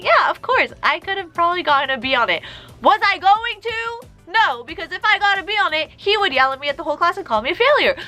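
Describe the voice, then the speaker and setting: A young woman telling a personal story in a vlog, animated and exasperated. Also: sits high. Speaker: vlogger.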